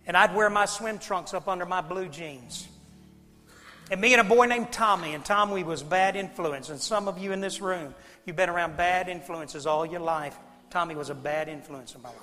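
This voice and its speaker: A middle-aged man preaching, telling a story in a folksy, dramatic way that swings from hushed to loud. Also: high-pitched. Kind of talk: sermon storytelling. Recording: long hall reverb, faint music.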